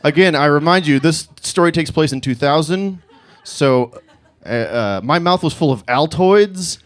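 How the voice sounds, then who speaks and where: A man's voice: a little high, expressive, measured pace. A man in his thirties telling a comic personal story to a live audience, laughing through his lines as he mocks himself.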